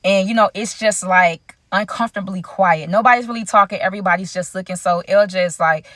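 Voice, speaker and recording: Young woman spilling a storytime, animated and slangy, dry close sound. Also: mid-range voice, brisk, no room sound. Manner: animated, slangy, addresses viewers as y'all. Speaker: storytime vlogger. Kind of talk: casual storytime.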